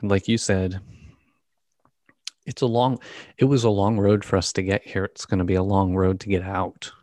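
Very deep-voiced man in his forties. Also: little pitch movement, darkish tone, no echo. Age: 40s. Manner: thoughtful, measured, agreeable. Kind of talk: casual conversation.

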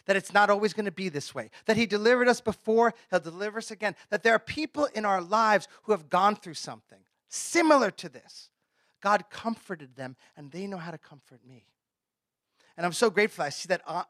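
A male pastor preaching a sermon in a conversational way, often dropping his voice to a near hush for emphasis. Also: high voice, no echo, studio quality.

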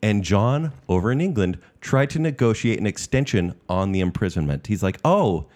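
A man co-hosting a casual podcast, telling history stories in a lively, playful way. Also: on the low side, a little fast. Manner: animated storyteller who acts out historical figures. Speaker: podcast co-host. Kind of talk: casual chat, storytelling.

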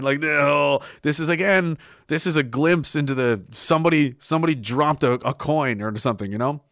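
A man hosting a livestream talk show, reading viewer messages aloud in a casual, animated and profane way. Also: on the high side, brisk, few pauses, dry recording, studio quality. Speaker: show host.

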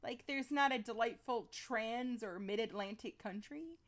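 A woman co-hosting a podcast, chatting casually and presenting a topic in an animated way. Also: on the high side, measured pace. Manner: animated, laughs easily. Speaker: podcast co-host.

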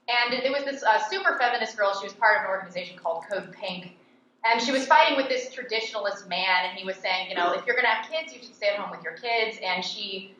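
A woman's voice: medium pitch, sharp tone, a little hiss or hum. Blunt, sarcastic woman in an echoey room. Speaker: political commentator and podcast host. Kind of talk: opinionated interview answers. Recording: echoey, dull-toned room recording.

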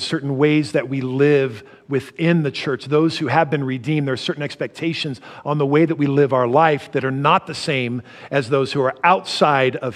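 A middle-aged man preaching a sermon, animated, laughing often and swinging from loud to soft. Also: a little high. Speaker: pastor.

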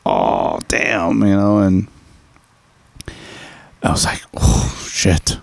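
A man's voice: sits low, big pitch swings, drawn-out words, gravelly, slightly rough, no room sound. A man casually telling a story with loose, profane phrasing and lots of fillers.

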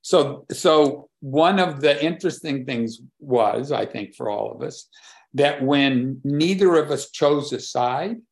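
A man in his seventies giving a reflective talk with personal stories, unhurried and thoughtful, often pausing to search for words. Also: medium pitch, animated. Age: 70s. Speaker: speaker on conversation and collaboration.

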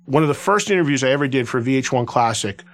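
Talking fast in a mid-range voice, a radio host relates anecdotes in an animated, loose way. His casual storytelling is heavy on fillers like "you know" and full of restarts.

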